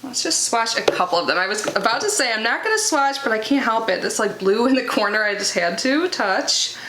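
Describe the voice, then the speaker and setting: Brisk and fairly high-pitched, this unboxing vlogger's pushed, bright voice swings widely in pitch. The young woman chats casually, filling gaps with filler words while reading out product blurbs, in an echoey room with a little noise.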